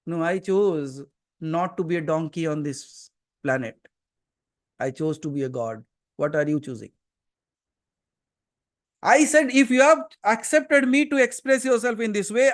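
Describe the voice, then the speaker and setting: A man's voice: high voice, expressive, unhurried, pauses often. A man with an Indian accent, giving a satsang sermon as a spiritual teacher and pressing his listeners with earnest, emphatic questions. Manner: switches into Hindi mid-talk. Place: seated before a gathering.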